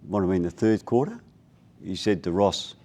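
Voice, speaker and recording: A man's voice: low voice, animated, normal speed, mellow. A man, a player's family member, chatting through a football memory. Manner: chatty storytelling. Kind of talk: casual interview.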